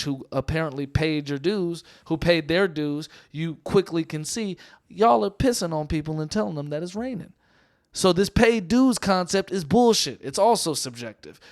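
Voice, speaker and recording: A man holds forth on a podcast with a smooth, clear voice that sits a little high. He preaches his view with swagger and salty language, punching up the key words. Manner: animated, preachy, profane. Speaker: stand-up comedian and podcast host. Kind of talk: casual podcast debate.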